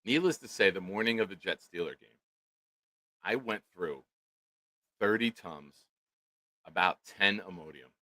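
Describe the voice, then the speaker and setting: A middle-aged man, a co-host telling a profane, comedic story in loud, animated rants. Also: low-pitched, unhurried, pauses often, no room sound, poor audio. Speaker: podcast co-host.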